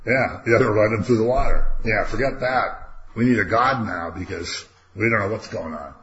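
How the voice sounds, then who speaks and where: A man's voice: lowish voice, normal speed, fairly bright tone. A man teaching a casual Bible study class, talking conversationally, asking rhetorical questions and acting out quotes. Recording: dull lo-fi room recording with faint noise.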